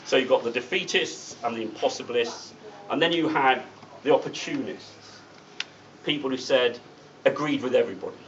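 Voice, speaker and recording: A middle-aged man with a mid-range voice gives a political speech as a guest speaker in a meeting room, speaking at a moderate pace. He's blunt and wry, slipping sardonic asides between points. He sounds distant from the mic, the audio is dull, and a faint hiss lies underneath.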